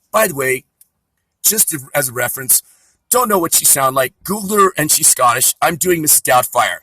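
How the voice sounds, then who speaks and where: A man's voice: fairly high pitch, expressive, normal speed, pushed and bright, husky, dry recording, low-quality recording. A man delivering a profane, sarcastic comedy rant.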